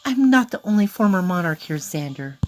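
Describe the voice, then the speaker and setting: A man's voice: high voice, big pitch swings, a little fast, voice pushed up. A man voicing a proud undead queen from a game, lofty and scolding. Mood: scornful.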